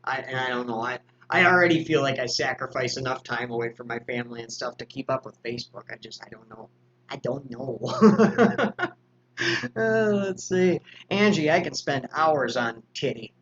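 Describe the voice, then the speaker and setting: A man's voice: mid-range voice, animated, moderate pace, a bit bright, muffled recording. A man hosting a recovery livestream, chatting casually as he reads viewer comments, joking around and swearing freely. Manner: loose and joking, with frequent swearing and slang.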